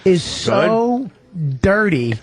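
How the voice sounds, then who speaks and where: Excitable, rambling high-voiced radio regular. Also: male voice, extremely slow, no room sound. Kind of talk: casual radio chat.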